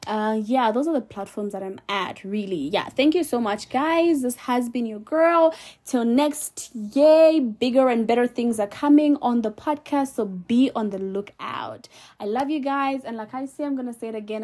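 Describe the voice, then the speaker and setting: A woman in her early twenties hosting her own podcast, talking casually and giving animated, playful advice. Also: on the high side, normal speed. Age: 20s. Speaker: podcast host. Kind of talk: casual solo podcast talk.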